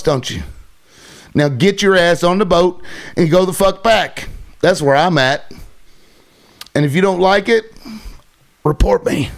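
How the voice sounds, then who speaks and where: Guy ranting on a live stream, cussing a lot, sarcastic, kinda higher voice. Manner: sarcastic, heavy swearing; irritated. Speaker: livestream host. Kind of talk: profane livestream rant.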